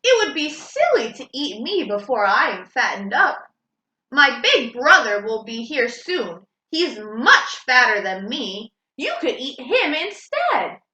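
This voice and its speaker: A small, clever billy goat pleads his case in a high, lively voice, as a woman reader puts him on. The sound carries a roomy echo. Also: takes it slowly, full character voice. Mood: coaxing.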